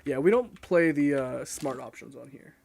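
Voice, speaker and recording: A man's voice: medium pitch, animated, normal speed, gravelly, darkish tone. A young man chatting casually and rambling while he streams a game, cursing often and mocking himself. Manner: rambling, profane, self-mocking. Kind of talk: casual live-stream chat while gaming.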